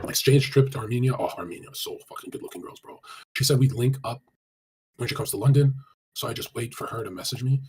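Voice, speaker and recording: This man's voice is medium in pitch and a little mellow, with faint hiss or hum in the recording. His live-stream dating advice is casual, blunt and crude, peppered with swearing as he replies to chat in rapid run-on speech crowded with fillers.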